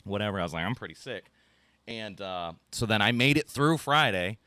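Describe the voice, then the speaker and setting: A man's voice: lowish voice, animated, moderate pace, sharp tone, no room sound. A man, telling a rambling story on a casual podcast, ranting and swearing freely. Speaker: podcast co-host.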